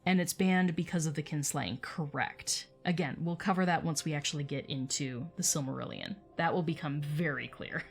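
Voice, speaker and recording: Low woman's voice, chatty, laughs often, casual explaining, faint music behind. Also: normal speed, hardly any pauses. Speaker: host. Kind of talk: casual explanatory livestream commentary.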